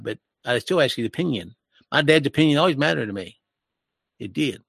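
A man's voice: mid-range voice, brisk, vocal fry, dry recording, clean studio sound. An older man in his sixties giving emotional, preachy commentary in a sermon-like style, with his voice rising when he gets worked up.

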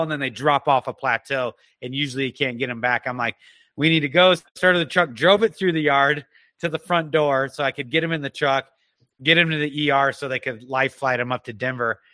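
Bright, earnest man telling a testimony. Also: medium pitch, dry recording. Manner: earnest, halting, with frequent restarts. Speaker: guest telling a personal story. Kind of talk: emotional personal testimony.

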